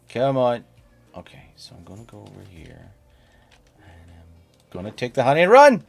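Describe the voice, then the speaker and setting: A man's voice: medium pitch, wildly swooping pitch, moderate pace, gravelly, long pauses. A man casually chatting while streaming a game, playful and talkative, teasing the creatures on screen. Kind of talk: casual gameplay stream chat.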